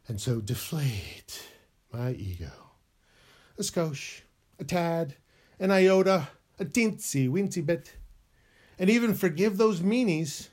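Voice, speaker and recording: A man's voice: a little high, a little mellow. Playful rambling man rhyming self-help. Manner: playful, rambling, sing-song rhymes. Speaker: podcast host.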